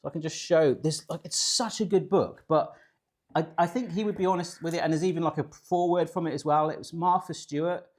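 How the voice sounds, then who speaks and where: A man's voice: fairly high pitch, brisk, darkish tone. Give me a chatty British man hosting a cooking stream. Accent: British English. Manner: chatty, jokey and self-deprecating, reading viewer comments. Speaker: cooking show host. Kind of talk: live-streamed cooking chat.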